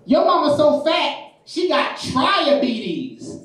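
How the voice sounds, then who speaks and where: A man voicing a sharp-tongued seventh-grade girl who fires off cheeky insults, heard live in a roomy club with laughter behind. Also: extremely high pitch, wildly swooping pitch, recorded from a distance, slight background noise, pitched above the performer's own voice, full character voice. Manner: quick cheeky insult delivery. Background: audience laughter.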